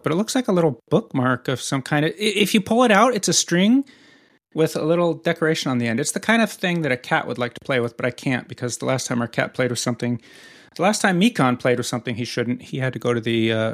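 A man's voice: fairly high pitch, dry recording. Playful rambling man, dry close sound. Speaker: podcast co-host. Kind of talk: casual chat.

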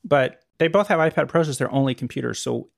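A middle-aged man co-hosting a podcast in casual chat, blunt and animated, swearing offhand. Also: mid-range voice, fast, creaky, dry recording, studio quality. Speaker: podcast co-host.

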